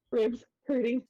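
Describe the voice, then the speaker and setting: A woman's voice: sits high, creaky, slightly rough, no room sound, lo-fi sound. A woman playing in an online tabletop game, chatting casually, laughing a lot and swearing freely. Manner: giggly, excitable, swears freely. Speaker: player.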